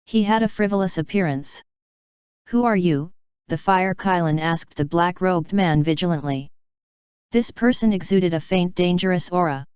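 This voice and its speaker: A woman narrating a fantasy novel audiobook in a steady, even reading. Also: fairly low pitch, smooth, no echo, lo-fi sound.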